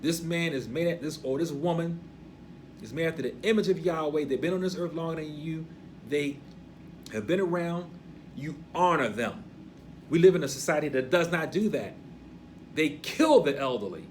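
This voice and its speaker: An older man with a gray beard teaching a Torah portion, emphatic and preachy, dropping to a hush and then rising loud. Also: on the high side, normal speed, slight background noise.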